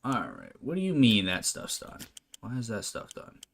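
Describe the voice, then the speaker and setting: A man's voice: on the low side, wildly swooping pitch, moderate pace, gravelly, music in the background. A man casually commenting on a management game, reading its text aloud with wry asides. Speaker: gameplay commentator. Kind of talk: let's play commentary. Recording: faint noise and clicks.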